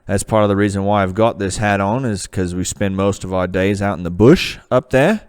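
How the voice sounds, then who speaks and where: A man's voice: on the low side, a little fast, a little mellow, clear, resonant tone, pitched below the performer's own voice, close to an everyday voice. A man putting on an Australian accent as a bushman from the outback, rambling with many hesitations. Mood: mock earnest. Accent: put-on Australian. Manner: rambling, hesitant, full of ums.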